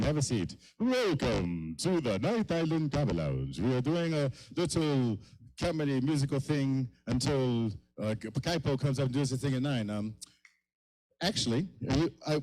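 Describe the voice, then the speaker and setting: A man's voice: mid-range voice, a little mellow, rough recording. A middle-aged man hosting a live comedy show in a kava lounge, rambling and mocking himself with stumbling restarts.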